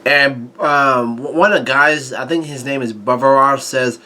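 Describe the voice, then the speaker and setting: A man talks through a comic chapter panel by panel, with a bright, forceful tone. He often stalls and restarts while reading, slipping in side comments as he goes. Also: mid-range voice. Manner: halting, with frequent restarts and fillers. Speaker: manga reviewer.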